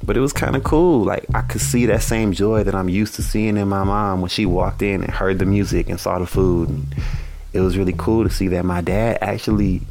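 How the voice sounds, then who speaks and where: Young man, low gravelly voice, relaxed animated storyteller. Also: moderate pace, faint music behind. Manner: casual, animated retelling with slang. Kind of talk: personal storytelling.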